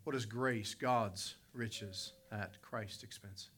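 A man preaching a sermon as pastor, emphatic, surging to loud peaks and then dropping low. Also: steady tone, slow, slightly rough. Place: church service with congregation responding.

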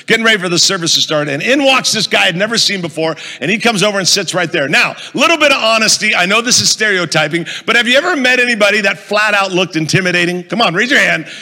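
Male pastor, sermon, high voice, storytelling, asks the crowd questions, long auditorium reverb. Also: bright, forceful tone.

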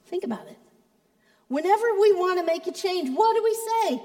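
A woman's voice: extremely high pitch, expressive, normal speed, warm tone, in a large hall. A woman pastor giving a sermon in a conversational, playful way, with joking asides to the congregation. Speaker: creative arts pastor.

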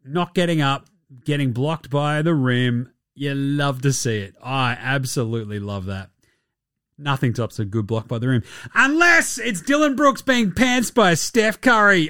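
A man's voice: a little high, unhurried, fairly bright tone, no echo, clean studio sound. A young Australian man hosting a casual sports podcast, joking and swearing through his talk. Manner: irreverent, sweary, jokey banter. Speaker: podcast host.

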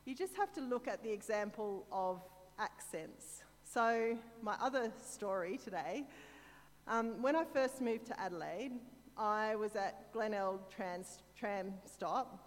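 Speaking slowly in a medium-pitched voice with lively intonation, a woman from Sydney, Australia, preaches a conversational sermon in her Australian accent. She tells stories peppered with chatty, self-deprecating asides. The recording sounds like a large hall.

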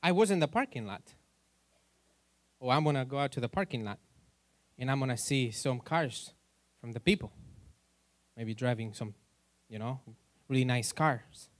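A man's voice: mid-range voice, expressive, normal speed, long pauses, dry recording. A male pastor preaching in a church in a loose, joking way, asking the congregation questions as he goes. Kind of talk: sermon.

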